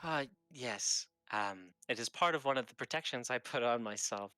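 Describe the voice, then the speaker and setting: A man's voice: mid-range voice, normal speed, pushed and bright, clean tone, dry recording, soft background music. A young man narrating a tabletop game as game master in a casual way, laughing often.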